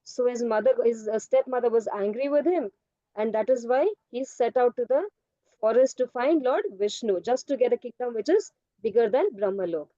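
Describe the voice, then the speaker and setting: A woman teaches children over a video call. Her voice is high and mellow, and she explains slowly and patiently. The call audio is dull and dry. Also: no room sound. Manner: patient, explanatory, calls students "beta". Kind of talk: online class answering students' questions.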